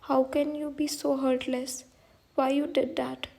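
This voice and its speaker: A woman reading the part of a hurt young man who reproaches his mother, naming him before each line in a flat, plain reading. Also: high-pitched, unhurried, creaky. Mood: reproachful. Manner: reads flatly, each line starting with the figure's name.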